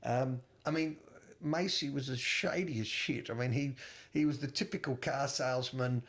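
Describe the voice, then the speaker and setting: A man's voice: medium pitch, normal speed, fairly bright tone. A man co-hosting a casual film podcast, talking enthusiastically with laughter and swearing. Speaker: podcast co-host. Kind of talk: casual chat.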